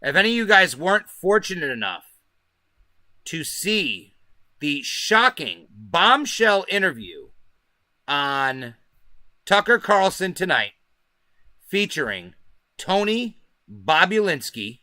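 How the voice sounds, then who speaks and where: Male stream host, high piercing voice, dry close sound, emphatic and profane. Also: big pitch swings, slow pace, pauses often, pushed and bright, dry recording. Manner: emphatic, profane, keeps asking "okay?". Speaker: livestream host. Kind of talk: casual livestream commentary.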